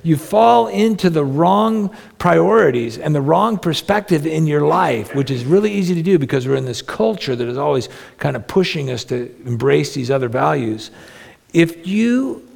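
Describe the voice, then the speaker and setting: A man's voice: a little high, lively intonation, normal speed, gravelly, a little mellow. A middle-aged man preaching a sermon as pastor, earnest and conversational, with self-deprecating humor. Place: church sanctuary. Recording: long reverb of a large hall.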